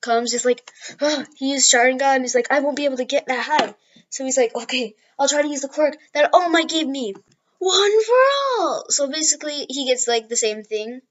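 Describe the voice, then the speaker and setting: High-pitched woman improvising a fan story offhand, loose and rambling. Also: steady tone, brisk, highs cut off. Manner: rambling, with frequent restarts and apologies.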